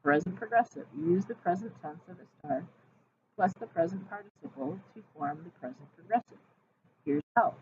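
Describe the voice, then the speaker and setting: A woman's voice: fairly low pitch, expressive, moderate pace, a little mellow. Woman teacher on a tinny line. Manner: explains step by step and spells words out letter by letter. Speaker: Spanish teacher. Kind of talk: reading lesson slides aloud. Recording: tinny phone-like audio with faint hiss.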